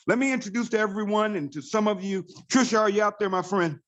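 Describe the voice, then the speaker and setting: A man hosting a training conference call, excitedly introducing his guest speaker. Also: high voice, quick pace.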